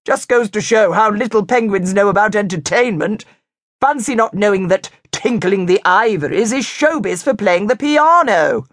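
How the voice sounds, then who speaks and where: A woman voicing a smug, know-it-all male brown bear in a children's storybook, lower and slower. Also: expressive, dry recording, studio quality, lightly acted.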